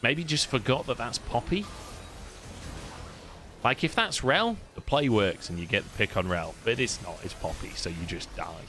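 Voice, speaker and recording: A man with a British accent casting a live esports match on a casual co-stream, excitable and swearing freely. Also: medium pitch, moderate pace. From United Kingdom. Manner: excitable, swears freely, laughs between plays. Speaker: esports caster.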